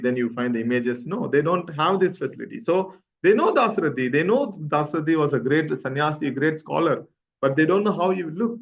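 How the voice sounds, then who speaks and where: Male class teacher, storyteller; gravelly, fairly high voice, chatty with fillers, lo-fi call sound. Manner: conversational, many "you know" fillers. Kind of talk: storytelling in an online scripture class. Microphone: video call.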